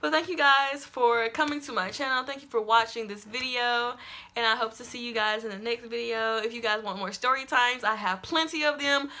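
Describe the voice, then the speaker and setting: A young woman vlogger telling a story-time tale to her viewers, dramatic and animated, calling out to them as y'all. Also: a little high, moderate pace.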